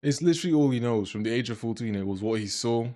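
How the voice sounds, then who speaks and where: A man giving casual, animated reaction commentary on a movie, swearing freely. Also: medium pitch, quick pace. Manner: animated, swearing, laughing at scenes.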